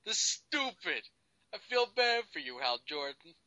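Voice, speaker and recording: Man doing a high mocking bit, close and dry. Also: big pitch swings, normal speed, pushed and bright, no echo, highs cut off, exaggerated voice. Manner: exaggerated high whiny voice.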